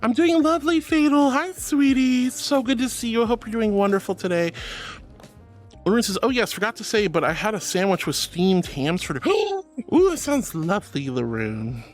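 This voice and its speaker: A woman's voice: mid-range voice, sing-song, moderate pace, soft background music. A woman streaming live, chatting playfully and theatrically with her chat and reading their messages aloud.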